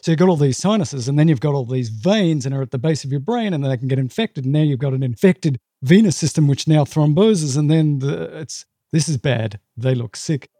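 A man's voice: on the high side, animated, fairly quick, few pauses, warm tone, no echo, clean studio sound. A male physician co-hosting a medical education podcast, explaining clinical complications in a plain-spoken way with vivid asides.

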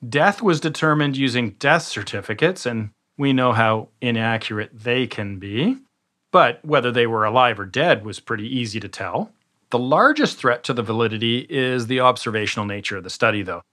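A man's voice: medium pitch, expressive, normal speed, bright, forceful tone. A man co-hosting a medical podcast who reads bottom-line summaries and adds wry, joking asides. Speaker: podcast co-host physician. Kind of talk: conversational medical journal review.

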